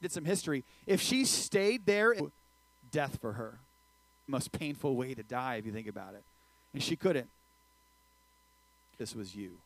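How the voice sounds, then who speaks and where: A man preaching a sermon in a lively, joking way, swinging between loud and quiet. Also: medium pitch, measured pace, pauses often, rough recording. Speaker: pastor.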